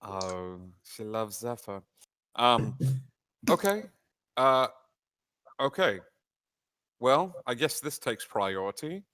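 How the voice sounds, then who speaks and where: Slow, deliberate male player. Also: mid-range voice, big pitch swings, fairly bright tone, clean tone, dry recording. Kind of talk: casual tabletop play.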